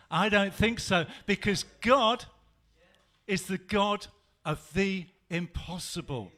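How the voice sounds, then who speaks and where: A male pastor giving an animated storytelling sermon. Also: high voice, slow.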